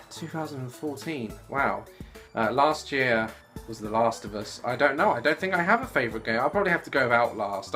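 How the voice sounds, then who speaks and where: A man in his late twenties answers fan questions to camera in a casual, giggly, animated way. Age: 20s. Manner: giggly and animated, jumping into squeaky voices. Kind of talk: casual Q&A vlog. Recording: soft music playing underneath.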